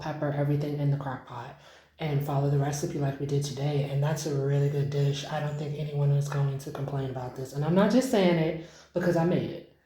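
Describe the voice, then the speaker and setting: A young woman chatting casually to viewers while cooking and tasting food in her home kitchen, excitable and informal. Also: low-pitched, roomy sound, poor audio.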